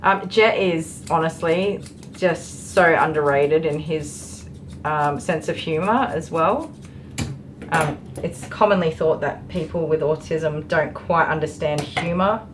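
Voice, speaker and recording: A woman's voice: deep voice, slow pace, noisy background. A middle-aged woman, a dog groomer, chatting on a live stream while she works, with lots of ums and laughs. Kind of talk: casual chat while working. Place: grooming salon, indoors.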